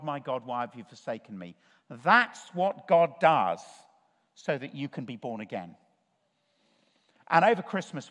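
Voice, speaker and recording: A man's voice: on the high side, fairly bright tone. Preacher man in a reverberant church. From Chile, raised in Africa. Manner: storytelling, humorous, asks the congregation questions. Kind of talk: sermon. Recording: long reverb of a church hall.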